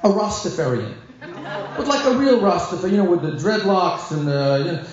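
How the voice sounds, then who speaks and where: A middle-aged male rabbi with a fairly high voice spins a funny story, chatty and joking with quick asides. His words ring through a big echoey hall, and the recording sounds dull and lo-fi. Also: expressive. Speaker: rabbi giving a guest talk. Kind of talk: humorous storytelling talk. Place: large echoey room at a community event.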